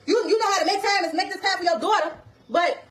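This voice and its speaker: A woman's voice: very high voice, fast, fairly bright tone. A woman ranting heatedly on a livestream, angry and profane, often laughing as she talks. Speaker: mother speaking on a livestream.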